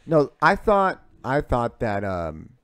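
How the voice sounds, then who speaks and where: An excitable man co-hosting a podcast in loose, casual chat. He swears freely and gushes about what he likes. His pitch sits in the ordinary middle range for a man. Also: slow, clean tone. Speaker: podcast co-host.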